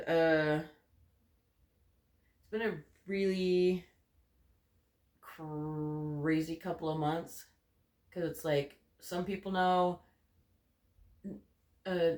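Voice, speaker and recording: A young man vlogging from his bedroom in a candid, rambling way, full of "like" and "you know". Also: sits high. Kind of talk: casual personal ramble to camera. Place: bedroom corner. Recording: roomy bedroom echo.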